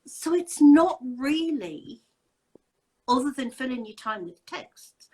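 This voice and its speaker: Woman host, husky, emphatic and indignant in casual chat. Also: high voice, expressive, slow pace, a little mellow, poor audio. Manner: indignant, emphatic rhetorical questions.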